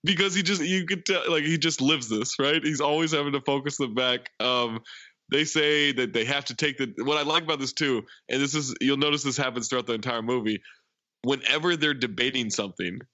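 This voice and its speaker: A man's voice: medium pitch, a little fast, no echo, highs cut off. A man co-hosting a podcast, casually retelling a film's scenes with lots of quoting and asides. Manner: animated retelling with quoted lines. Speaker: podcast co-host. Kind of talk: casual movie recap chat.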